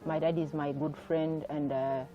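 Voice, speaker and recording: A woman guest telling her life story in an interview, soft-spoken and reflective, with many fillers. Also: sits low, flat delivery, a little slow. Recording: dull lo-fi recording with faint music.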